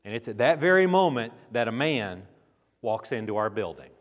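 A man preaching a sermon as pastor, dramatic and emphatic, with rhetorical questions and long pauses. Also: mid-range voice, very animated. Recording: reverberant hall.

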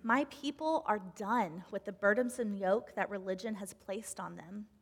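A woman reading a devotional reflection in an earnest, measured way, slowing down on key phrases. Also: medium pitch. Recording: long hall reverb.

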